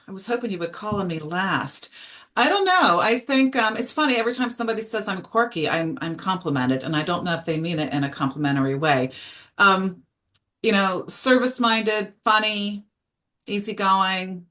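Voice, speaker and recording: A woman's voice: mid-range voice, lively intonation, moderate pace, pushed and bright. Hesitant candid woman guest. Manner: hesitant, candid, many fillers. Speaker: guest publisher. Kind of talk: casual group chat.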